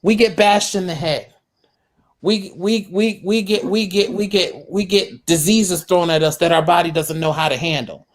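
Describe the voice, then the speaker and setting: A woman's voice: on the low side, normal speed. A woman speaking on an online panel in an earnest way, repeating words to stress a point and adding apologetic asides. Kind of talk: casual panel discussion.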